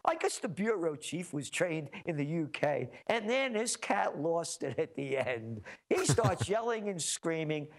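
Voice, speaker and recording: A man's voice: on the high side, very animated, unhurried, hardly any pauses. A man speaking as a guest, giving heated, emphatic political commentary full of rhetorical questions.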